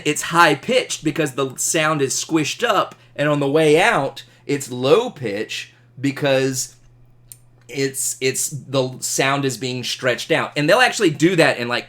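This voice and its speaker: A man teaching an astronomy class, animated and jokey, asking questions. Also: medium pitch. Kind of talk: classroom lecture.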